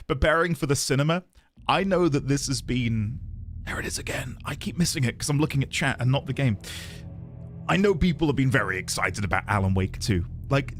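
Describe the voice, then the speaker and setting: A young man streaming a game, chatting casually and reading his viewers' messages aloud with playful mock outrage. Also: mid-range voice. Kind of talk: casual live-stream chat greeting viewers. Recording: faint music underneath.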